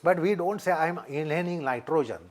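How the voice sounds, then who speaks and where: A man with an Indian English accent, a yoga teacher, explaining things deliberately in an interview and repeating his key points. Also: on the high side.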